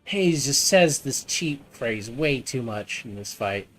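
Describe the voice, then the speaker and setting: Low, lively woman streamer, profane and teasing, game music faint underneath. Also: slow pace. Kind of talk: casual gaming stream chat.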